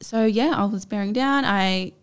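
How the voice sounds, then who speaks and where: A young woman in her twenties with an Australian accent, a podcast guest telling a personal story in a chatty, animated way and acting out what people said. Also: medium pitch, normal speed, clear, resonant tone. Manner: chatty, animated, acts out quoted speech.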